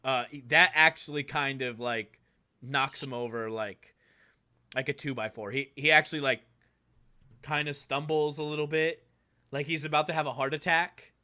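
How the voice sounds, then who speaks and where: A male game master narrating a tabletop game, casual and rambling with lots of fillers. His voice is bright and slightly raised. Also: a little high, steady tone, normal speed, clear, resonant tone.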